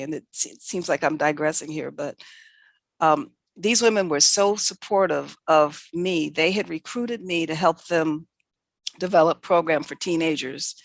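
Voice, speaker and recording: An older woman from New York City shares career stories in a conversational interview. Her voice has a slight gravelly texture. She recorded close to the mic in a dry space, and she tells her stories animatedly, full of quoted exchanges. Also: low-pitched, dry recording. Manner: animated, self-correcting anecdotes with quoted dialogue. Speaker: veterinarian guest. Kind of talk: candid conversational storytelling.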